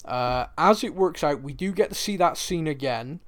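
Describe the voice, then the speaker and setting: On the high side and at a moderate pace, a Bristol-born man with a Bristolian accent co-hosts a casual podcast chat. He tells his story with animation and frequent laughter.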